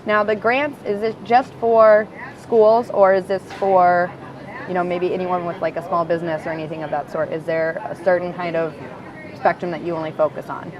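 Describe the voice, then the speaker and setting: A woman's voice: on the low side, fairly even intonation, moderate pace, crowd noise. A woman hosting a casual community talk show, chatty and upbeat. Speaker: host. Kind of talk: casual chat. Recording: dull lo-fi audio with clear background noise.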